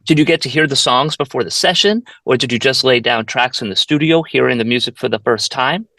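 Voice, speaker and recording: A man's voice: medium pitch, fairly quick, sharp tone, dry recording. A man hosting a music talk show who reads long, detailed questions to his guest. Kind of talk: scripted interview questions.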